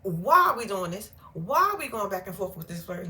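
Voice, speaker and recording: Lively, bright-voiced woman recapping reality TV. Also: medium pitch, a little fast, few pauses. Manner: blunt, profane, animated, frequent laughter. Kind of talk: casual reaction commentary.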